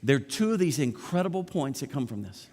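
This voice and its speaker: Pastor retelling a story in a hall. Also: male voice, mid-range voice, fairly quick. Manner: animated retelling, acting out characters' lines. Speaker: senior pastor. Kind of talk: sermon storytelling. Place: large church sanctuary. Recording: long church hall reverb.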